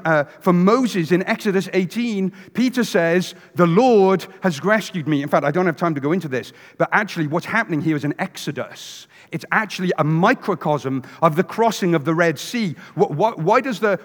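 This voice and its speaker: Male pastor, lively sermon delivery, slightly high voice, long church reverb. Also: moderate pace, hardly any pauses. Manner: animated storytelling, acts out voices, swings from loud to hushed. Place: church sanctuary.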